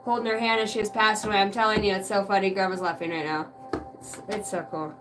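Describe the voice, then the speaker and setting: A woman's voice: medium pitch, steady tone, fast talker, distant mic, over loud music, rough recording. A woman hosting a card-reading livestream, venting in a rambling, profane way and chatting with viewers by name. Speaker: oracle card reader and livestream host. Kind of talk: casual livestream rant.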